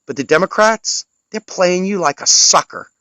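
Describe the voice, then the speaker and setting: Man, heated political rant, sarcastic and scolding, slightly high voice, dry close sound. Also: moderate pace, sharp tone, dry recording, rough recording. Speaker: political commentator.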